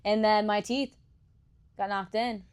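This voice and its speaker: A woman's voice: medium pitch, steady tone, a little slow, clear, resonant tone. A young woman chatting casually on a podcast, often laughing as she tells a story. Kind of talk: casual chat.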